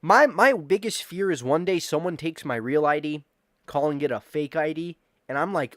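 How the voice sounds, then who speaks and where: A man's voice: a little high, normal speed, a bit bright, no room sound, studio quality. A man in his twenties streaming casual chat, rambling, swearing and repeating himself as he reacts to chat. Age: 20s.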